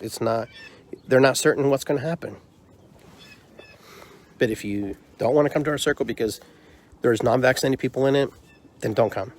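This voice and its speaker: A man's voice: medium pitch, darkish tone. Frustrated man ranting as podcast host. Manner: heated, rhetorical, repeats questions. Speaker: podcast host and drum circle leader. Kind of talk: frustrated monologue.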